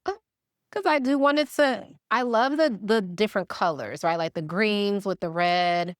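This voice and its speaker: A young woman from Milwaukee chatting to her viewers while she cooks in her home kitchen, animated and laughing easily. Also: mid-range voice, moderate pace, clean tone, no echo, clean studio sound. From Milwaukee, Wisconsin, USA. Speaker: cooking vlogger. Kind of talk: casual chatty cooking vlog.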